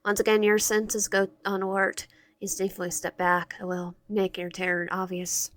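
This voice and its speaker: A woman's voice: mid-range voice, completely flat delivery, brisk, fairly bright tone, no echo. A woman reading a visual-novel dating sim aloud as she plays, often stumbling and restarting words. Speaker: game narrator and player.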